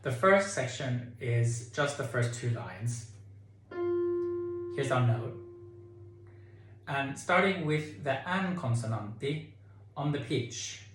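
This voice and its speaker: Slow, echoey male choir director. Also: mid-range voice, soft background music. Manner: explains calmly, sings phrases to demonstrate. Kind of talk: choir singing tutorial. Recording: echoey room with keyboard.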